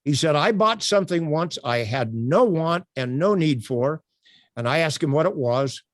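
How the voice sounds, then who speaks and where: An older man runs a sales workshop on a video call and tells his stories with plenty of fillers. His voice is raised and lively, jumping up and down in pitch. The sound is dry and close. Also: normal speed, dry recording. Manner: animated, projecting, storytelling with many fillers. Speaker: workshop presenter.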